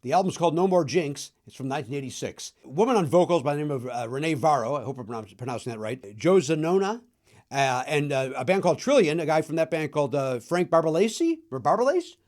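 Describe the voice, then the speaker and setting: Middle-aged comic host, lively up-and-down voice, slightly high, rambling self-mocking riffs. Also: male voice. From Chicago area. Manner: self-mocking, riffing, throws in quick silly voices. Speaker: podcast host. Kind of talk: comedic monologue about records.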